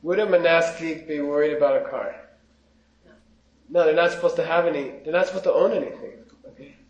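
A man with a slightly high voice teaches a Buddhist class, reading Tibetan phrases slowly and then unpacking them with casual jokes for his students. The lo-fi recording sounds dull and roomy, as if taped in a teaching hall. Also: darkish tone. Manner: casual, joking asides to the class, reads Tibetan lines slowly. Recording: echoey, dull lo-fi room recording.

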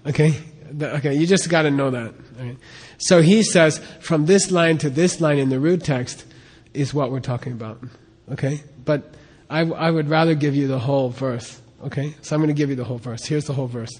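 A man leads a class in a loose, talkative way. His voice sits a bit high and he keeps pausing to ask "okay?" and repeat points. The sound rings with long reverb, as in a large hall. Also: darkish tone, husky. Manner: chatty, repeats "okay?" to check on students. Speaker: teacher of Tibetan and Sanskrit texts. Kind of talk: informal classroom teaching.

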